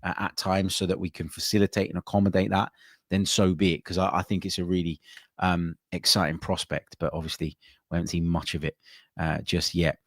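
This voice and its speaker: A man's voice: deep voice, level tone, a little fast, dry recording, clean studio sound. A man hosting a live football podcast, chatting casually with many ums and uhs and reading out viewer comments. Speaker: podcast host.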